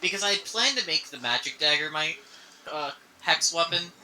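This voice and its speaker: A man playing a tabletop game, tentative and quiet in his speech. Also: on the high side, lively intonation, normal speed, a little hiss or hum, low-quality recording. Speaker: player. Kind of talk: casual tabletop play.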